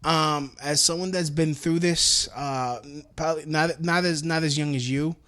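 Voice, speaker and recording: A man's voice: fairly high pitch, steady tone, moderate pace, a bit bright, dry recording. A man hosting a casual podcast and taking a caller, joking crudely, swearing and laughing. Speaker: podcast host. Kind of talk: casual chat taking a call-in.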